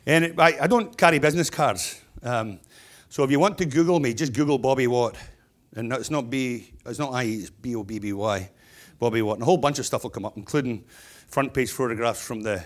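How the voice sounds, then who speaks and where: A middle-aged man giving a keynote, spinning funny anecdotes in a loose, chatty way. He circles back and restarts as he talks, and his voice sits at an ordinary middle pitch. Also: a little fast, hardly any pauses. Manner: humorous storyteller, chatty with restarts. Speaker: keynote speaker, stonemason business owner.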